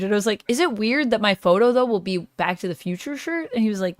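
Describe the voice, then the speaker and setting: A woman's voice: medium pitch, animated, fast talker, dry recording, clean studio sound. A woman hosting a streamed comics chat, talking in a chatty, enthusiastic way over a call mic. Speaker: host. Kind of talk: casual chat.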